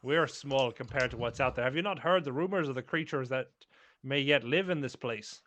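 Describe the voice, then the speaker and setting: A man's voice: medium pitch, a little fast, fairly bright tone, slight background noise, lightly acted. A man voicing a blunt woman first mate. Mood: grave. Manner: blunt, scolding.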